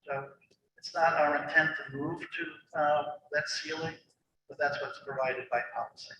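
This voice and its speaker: A man chairing a town budget hearing, answering questions in a measured, formal way with many pauses. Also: a little high, steady tone, far from the mic. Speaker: board of finance chair. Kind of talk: public meeting remarks. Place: town meeting room. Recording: echoey hall, noisy.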